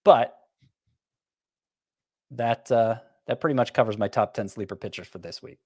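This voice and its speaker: A man's voice: lowish voice, normal speed, a little mellow, husky, dry recording. Dry, wry man in podcast chat. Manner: wry, self-mocking, thinks aloud. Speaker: fantasy baseball analyst.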